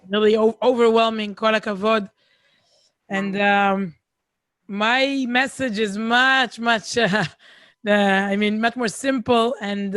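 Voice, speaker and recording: A woman's voice: medium pitch, fairly bright tone, no room sound. A woman from Israel speaking on a video call, searching for words with frequent fillers and restarts. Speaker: guest speaker. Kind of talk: warm conversational talk.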